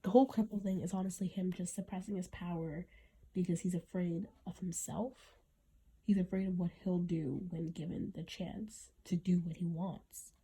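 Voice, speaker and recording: A woman's voice: on the low side, steady tone, moderate pace, dark tone, husky. A woman hosting her own podcast, talking in an earnest, reflective way and often restarting her sentences. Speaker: podcast host. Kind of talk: casual podcast monologue.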